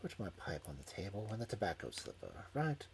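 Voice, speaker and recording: A man voicing an injured, scheming male detective who mutters weakly and quietly. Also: on the low side, huge pitch swings, moderate pace, slight background noise. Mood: weak, wry. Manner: weak hushed mutter. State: weak.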